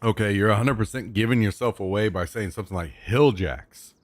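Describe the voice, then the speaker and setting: A man's voice: on the low side, brisk, dry recording. A young man streaming from home into a desk microphone, in a loose, joking manner that swears casually and chats with his viewers. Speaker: livestreamer. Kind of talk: casual live-stream chat.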